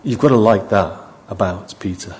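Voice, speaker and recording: A man delivers a sermon at normal speed, shifting between quiet, low asides and raised, emphatic appeals to his listeners.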